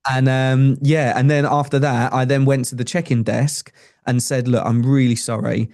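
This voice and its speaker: Young guy telling a story on a podcast, earnest, lots of restarts, mellow warm voice. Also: medium pitch, flat delivery, normal speed. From England. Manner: earnest, emotional, frequent restarts and fillers. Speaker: podcast guest. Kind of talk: conversational storytelling.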